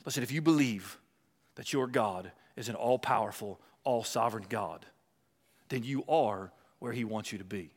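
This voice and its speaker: A man preaching a sermon with impassioned delivery, swinging between loud and hushed. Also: lowish voice, normal speed. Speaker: pastor. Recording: long reverb of a large hall.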